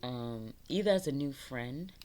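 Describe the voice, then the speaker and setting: A woman with a low voice gives a casual spiritual pep talk to her viewers. She swears constantly, laughs a lot and preaches self-worth in a loose, streetwise way. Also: lively intonation, a little slow, warm tone. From New York, the Bronx. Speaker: spiritual vlogger.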